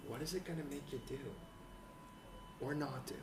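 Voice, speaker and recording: A man preaching a conversational sermon as pastor, acting out quotes and building to excited peaks. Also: a little high, moderate pace, heavy background noise. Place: church hall. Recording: roomy church sound from a distant mic.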